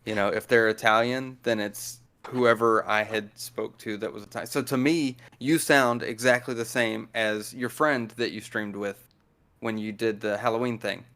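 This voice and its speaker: Appearing as a deaf guest on a study stream, a man in his thirties or older talks casually, explaining things with patience and chuckling along the way. He speaks at a moderate pace in a lowish, fairly bright voice with fairly even intonation.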